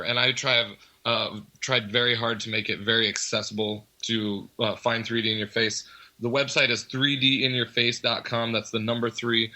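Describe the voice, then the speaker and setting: A man, a rock band member, chatting casually as a guest in an interview, relaxed and rambling with lots of fillers. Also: medium pitch, low-quality recording.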